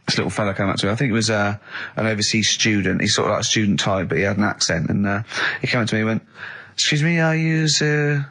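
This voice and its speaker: A man's voice: on the low side, fairly even intonation, rapid-fire, a bit bright, slightly rough. A man hosting radio, telling playful anecdotes and acting out quotes. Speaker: radio host. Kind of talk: casual radio banter.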